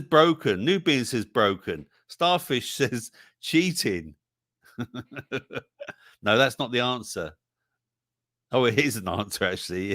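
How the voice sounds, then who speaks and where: A man's voice: mid-range voice, fairly bright tone, no echo, studio quality. A man hosting a livestream song quiz in a jokey, casual way, reading out the chat's answers. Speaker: livestream show host.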